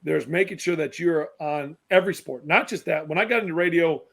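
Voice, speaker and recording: A man from Wisconsin, a former basketball player, chatting as a podcast guest in an animated, emphatic way. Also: fairly high pitch, brisk, vocal fry. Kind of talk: casual podcast chat.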